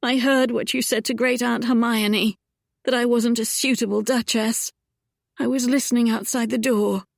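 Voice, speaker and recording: A woman's voice: fairly high pitch, steady tone, normal speed, gravelly, no echo, clean studio sound, voice pushed up. A woman voicing an earnest, emotional young Regency lady in an audiobook, speaking in a pleading, heartfelt way. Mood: distressed.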